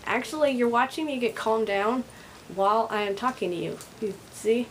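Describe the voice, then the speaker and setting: Agitated, loud-talking woman vlogger. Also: fairly high pitch, normal speed, a little hiss or hum, poor audio. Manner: loud, agitated, rambling, sounds angry. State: overstimulated, on edge. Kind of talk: casual vlog monologue to camera.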